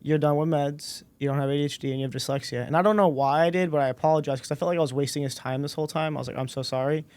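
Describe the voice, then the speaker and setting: A man in his twenties, a podcast guest, telling a personal story in a relaxed way and acting out the dialogue. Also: a little high, rapid-fire, few pauses. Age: 20s. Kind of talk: casual storytelling interview.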